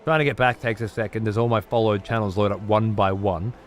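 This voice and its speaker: A man's voice: lowish voice, steady tone, a little fast. A man streaming and chatting casually with his audience, blunt, rambling and full of swearing.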